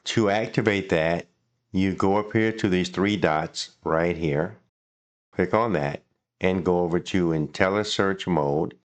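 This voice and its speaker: Guy with a really low voice doing a screen tutorial, relaxed, thinks out loud. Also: a little slow. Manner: casual, thinking aloud while clicking. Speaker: software tutorial host. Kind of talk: screen-recording software walkthrough.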